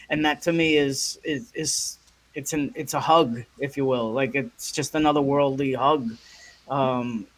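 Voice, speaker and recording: A man's voice: fairly high pitch, a bit bright. A man on a casual advocacy livestream, talking reflectively and hesitantly, often repeating words. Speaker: co-host and guest on an advocacy livestream.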